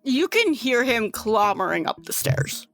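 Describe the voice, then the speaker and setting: A woman's voice: a little high, sing-song, unhurried, fairly bright tone, soft background music. A woman narrating as game master, talking in a loose, chatty way with fillers.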